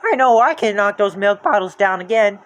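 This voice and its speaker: A storybook reader voicing a jittery, cowardly young man who whimpers and yelps in a high, frantic voice. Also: lively intonation, moderate pace, lightly acted. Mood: nervous.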